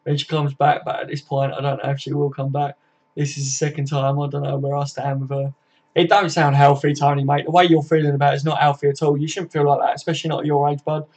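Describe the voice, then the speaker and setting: A man's voice: a little high, flat delivery, quick pace, a little mellow. A man, hosting a casual live stream and reading out viewer comments in a chatty, matey way, swearing freely. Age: 40s. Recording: dull lo-fi stream audio.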